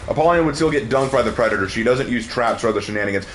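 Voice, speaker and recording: A man's voice: mid-range voice, expressive, very fast, soft background music. A man chatting casually on a gaming livestream, loose and jokey as he reacts to viewers.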